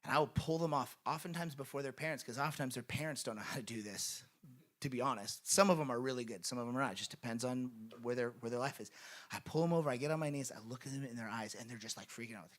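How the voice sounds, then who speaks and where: A man's voice: medium pitch, quick pace, fairly bright tone. A man preaching a sermon in a church in an earnest, conversational way, with lots of fillers. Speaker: pastor. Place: church sanctuary.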